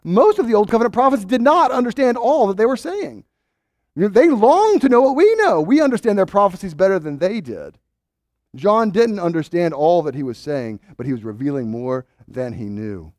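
A male pastor preaching a sermon, animated, often acting out the voices of doubters with repeated restarts. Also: high-pitched, normal speed, no echo, clean studio sound.

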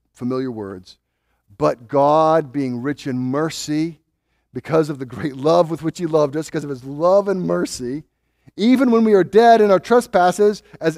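A man delivers a sermon with a fairly high voice. He swings from ringing, emphatic declarations to soft, hushed asides. The sound is dry and close, with no room echo. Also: moderate pace. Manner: dynamic preaching, swinging from loud bold declarations to hushed intimate asides. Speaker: pastor.

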